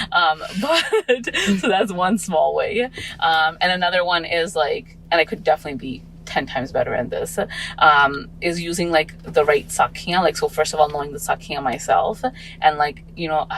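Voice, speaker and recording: A woman's voice: low-pitched, fairly bright tone, a little hiss or hum, rough recording. A woman in her forties, a parent talking as a podcast guest, reflective and rambling with many fillers. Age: 40s. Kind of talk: casual podcast conversation.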